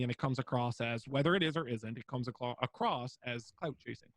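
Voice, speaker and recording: A man's voice: mid-range voice, moderate pace, hardly any pauses, dry recording. A young man, a streamer guest on a podcast interview, talking casually with lots of fillers and free swearing. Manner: rambling, filler-heavy, swears freely.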